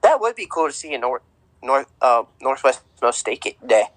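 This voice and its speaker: A man's voice: mid-range voice, sing-song, normal speed, no room sound, rough recording. A young man co-hosting a podcast, chatting casually about sports with a rambling, filler-heavy way of talking. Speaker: podcast co-host.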